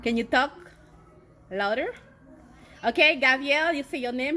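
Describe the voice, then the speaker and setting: A woman's voice: sits high, lively intonation, measured pace, bright, forceful tone, a little hiss or hum. A woman with a French accent hosting a church children's program, greeting the kids and leading them in song. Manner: cheerful, addresses children directly.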